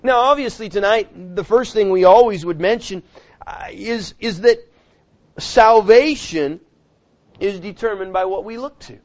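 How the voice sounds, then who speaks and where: A man with a high voice preaches a sermon, jumping from loud outbursts to near-murmurs. He acts out the voices of the people he quotes. The recording sounds dull and lo-fi. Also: a little slow. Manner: preaching with sudden loud rises and quiet drops. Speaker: pastor.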